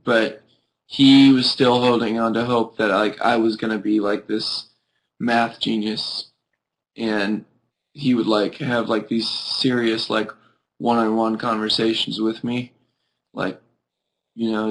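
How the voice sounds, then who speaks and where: A drowsy young man with a fairly low voice chats with viewers over a webcam, rambling loosely and filling his sentences with "like". He keeps yawning and sounds casual. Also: little pitch movement, takes it slowly, poor audio. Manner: rambling, peppered with "like". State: sleepy, yawning. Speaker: host of a live video chat. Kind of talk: casual chat answering viewers.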